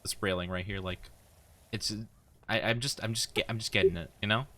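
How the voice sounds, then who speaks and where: A man's voice: on the low side, fairly even intonation, brisk, a bit bright. A young man streaming a game, chatting casually in a rambling, giggly way with many fillers. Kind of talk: casual chat while gaming.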